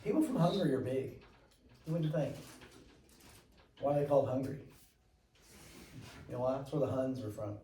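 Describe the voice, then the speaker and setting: A man's voice: medium pitch, lively intonation, normal speed, long pauses, mellow, roomy sound, distant mic, slight background noise, poor audio. A man teaching a class, chatty and rambling, with jokey asides to his students. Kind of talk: classroom lecture.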